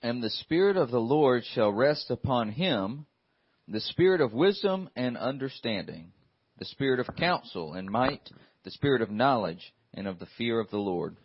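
A man reading Bible verses aloud at a steady, measured pace during a church class. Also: mid-range voice, slightly rough, highs cut off. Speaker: scripture reader in a church class.

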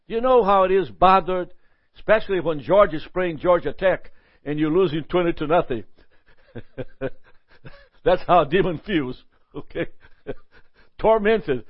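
Man, pastor teaching scripture, lively sermon delivery, fairly high voice, dull dry lo-fi sound. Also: measured pace, long pauses, no echo. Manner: lively, asks the listeners "Amen?" and chuckles. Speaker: pastor teaching a Bible lesson. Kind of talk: sermon-style Bible teaching.

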